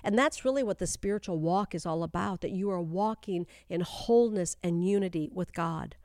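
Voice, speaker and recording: A woman's voice: lowish voice, moderate pace, darkish tone, no echo, clean studio sound. A woman speaking as a spiritual coach, teaching the Bible with emphatic repeated phrases and addressing listeners directly. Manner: addresses listeners directly, urging them to stay with her. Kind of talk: Bible teaching for a YouTube channel and podcast.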